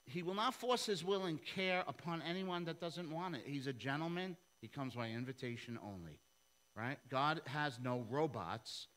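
Bright-voiced man preaching a sermon. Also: medium pitch, low-quality recording. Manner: animated storytelling, acts out dialogue in a raised voice. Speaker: pastor.

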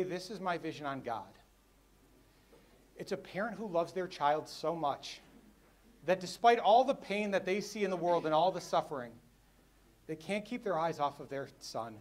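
A middle-aged man tells a personal story to a luncheon audience. His voice sits a little high, and he drops to a near hush when the story turns sad. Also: lively intonation, normal speed. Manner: emotional, quietens for sad parts. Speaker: keynote speaker at a luncheon. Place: banquet hall.

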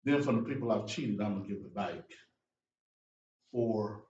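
A man preaching a sermon as a guest preacher, with lively delivery that rises to shouts and drops low for emphasis. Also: moderate pace, lo-fi sound. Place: church sanctuary. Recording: echoey church room from far off.

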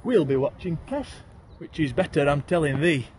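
Animated Yorkshire man reciting verse. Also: on the high side, moderate pace, a little hiss or hum. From Yorkshire, England. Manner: animated, broad dialect, addresses the listener as thee. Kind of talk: reciting comic rhyming verse.

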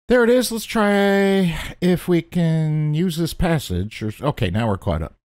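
A man's voice: on the high side, animated, a little slow, a little mellow, no room sound, studio quality. A man hosting a gaming channel, chatting casually through his gameplay and politely addressing the enemies he fights.

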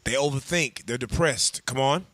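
A man teaching a scripture class, animated and joking, calling on others to read. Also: mid-range voice, moderate pace, no echo, clean studio sound. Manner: animated, humorous, calls on readers. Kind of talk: sermon.

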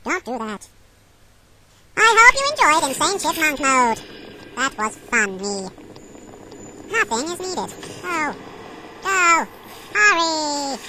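Squeaky pitched-up chipmunk, chatty, bouncy voice, noisy game capture. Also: male voice, sing-song, takes it slowly, pauses often, full character voice. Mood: excitable. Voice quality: squeaky, chipper. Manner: chatty, talks to enemies and himself. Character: hyper cartoon male chipmunk gamer. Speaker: let's play commentator. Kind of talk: game commentary in character.

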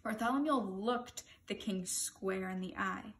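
A woman reading a picture book aloud to children, expressive, with playful asides to her listeners. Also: medium pitch, a little slow, slight background noise.

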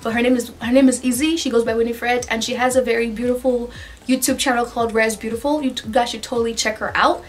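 A young Nigerian woman shares a personal story in a casual vlog, chatty and animated as she hops from one aside to the next. Her voice is on the high side and her pace is quick.

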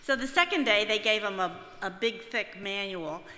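A woman presenting an evening talk at a church, setting the context in a halting way with many fillers. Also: medium pitch, expressive, pushed and bright. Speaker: event presenter. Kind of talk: introducing and narrating context. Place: large church hall. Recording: echoey hall with faint ambience.

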